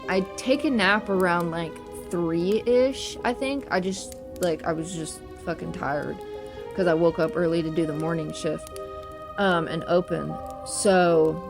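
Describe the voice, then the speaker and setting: A young adult woman telling a spooky personal story in a casual social-media style, cursing freely and laughing as she goes. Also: fairly low pitch. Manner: profane, chatty, laughs through it. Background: faint spooky piano music.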